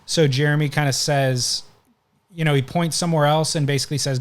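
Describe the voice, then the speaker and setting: A man's voice: medium pitch, fairly even intonation, fairly quick. A man hosting a podcast, casually recounting stories at length in conversation. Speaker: podcast host.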